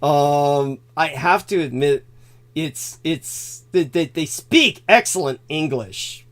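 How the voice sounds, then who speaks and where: Guy hosting a stream, rambly and sweary, laughs a lot, slightly high voice. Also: expressive, slow pace. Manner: rambling, profane, laughs often. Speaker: show host. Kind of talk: casual live-stream chat.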